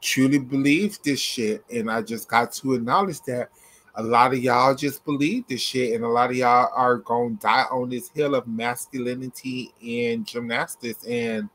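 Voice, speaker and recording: A man's voice: medium pitch, fairly even intonation, unhurried, fairly bright tone. A young man ranting heatedly in a commentary vlog, blunt and profane, hammering his points through repetition. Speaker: gymnastics commentator.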